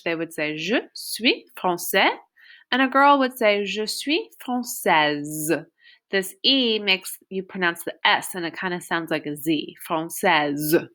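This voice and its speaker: Woman, French teacher, patient beginner lesson, bright tone. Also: mid-range voice. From United States. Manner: slow, clear modeling of example phrases.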